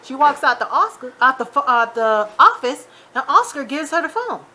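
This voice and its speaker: A woman hosting a casual TV episode recap, chatty and animated, retelling scenes with quick asides. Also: sits high. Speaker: YouTube TV recap host.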